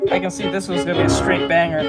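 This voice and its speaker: A woman from New York reacting to videos with loud, blunt, profane exclamations. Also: fairly low pitch, level tone, very fast, loud music behind the voice. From United States, New York. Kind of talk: reaction commentary.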